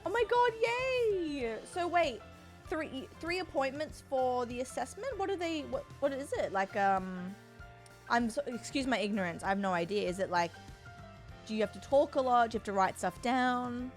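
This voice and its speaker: A young Australian woman chats with her stream in a bubbly, animated way, her voice sitting fairly high. She jumps quickly up in pitch when she gets excited. Faint music plays behind her. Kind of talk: casual chat with viewers.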